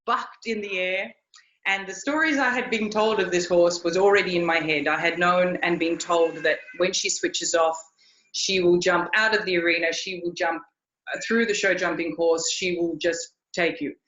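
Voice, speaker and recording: A woman's voice: fairly low pitch, normal speed, a bit bright. A woman riding instructor telling a story in a recorded interview, earnest, often repeating her words. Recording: echoey, dull lo-fi sound.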